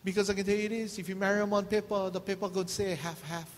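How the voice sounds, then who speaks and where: A man's voice: high-pitched, level tone, fast. A man pastor, preaching a joking sermon, laughing often and acting out quotes. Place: church hall. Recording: long hall reverb, faint noise.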